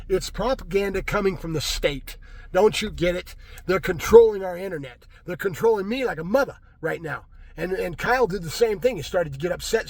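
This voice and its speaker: Agitated man ranting, husky high voice. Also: a little mellow. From California. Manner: agitated, repetitive, keeps asking "right?". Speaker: vlogger. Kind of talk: angry political rant to camera.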